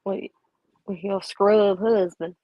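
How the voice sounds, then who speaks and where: Female streamer, casual and playful, mid-pitched, muffled dry mic. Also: steady tone, takes it slowly, warm tone, no echo. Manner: chatty, playful, reads and answers chat. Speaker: livestream host. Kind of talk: casual live chat.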